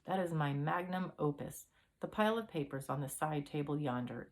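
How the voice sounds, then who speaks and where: A woman's voice: low-pitched, darkish tone. Woman doing mincing old invalid scholar, flowery, chain-smoker. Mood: weary. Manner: mincing, flowery, self-pitying.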